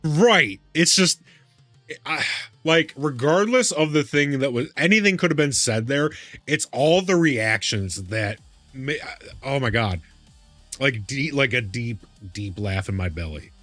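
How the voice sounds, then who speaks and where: A young man talks through a game stream at an unhurried pace, his pitch swinging widely as he laughs and repeats himself. His voice sits dry and close to the mic. Faint music plays underneath. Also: expressive, a bit bright, no room sound. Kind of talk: casual live-stream chat.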